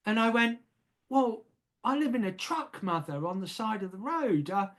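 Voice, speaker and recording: A man's voice: high voice, expressive, normal speed. An older man from England tells a personal story in a casual interview, hesitant and often repeating words, laughing at himself.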